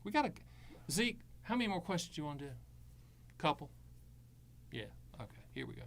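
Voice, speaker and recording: A man's voice: on the high side, very animated, fairly quick, gravelly, fairly bright tone, slight background noise. A middle-aged man hosting a live Q&A as an annuity advisor, answering viewer questions with breezy, jokey salesman patter.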